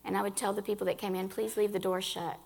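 A woman's voice: mid-range voice, little pitch movement, quick pace, gravelly, a little mellow. A woman giving an earnest personal faith testimony to a women's gathering, speaking straight to her listeners and often restarting her phrases.

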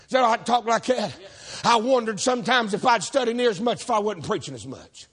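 A man preaching, folksy and shouting, calling on the congregation for amens. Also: sits high, expressive, fast talker, husky. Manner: folksy, shouting, calls for amen. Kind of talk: fiery preaching with stories. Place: church service.

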